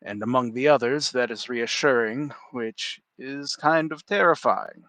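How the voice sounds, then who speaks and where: A man's voice: mid-range voice, a little slow, a bit bright, no echo. Casual gm guy, dry close mic, paints the scene, laughs a lot. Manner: descriptive, laughs often. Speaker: game master. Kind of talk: narrating a tabletop game.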